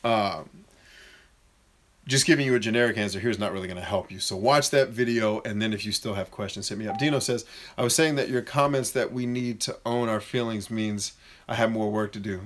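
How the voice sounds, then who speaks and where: A man coaching viewers in a casual live-stream Q&A, reading their comments aloud and answering bluntly with jokes. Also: fairly even intonation. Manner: mocks shrill voices in quick bursts.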